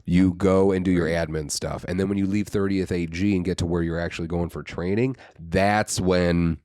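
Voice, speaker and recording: A man's voice: low voice, fairly even intonation, moderate pace, darkish tone, clean tone, no echo, studio quality. A man co-hosting a podcast, telling rambling stories in casual chat and swearing freely. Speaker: podcast co-host.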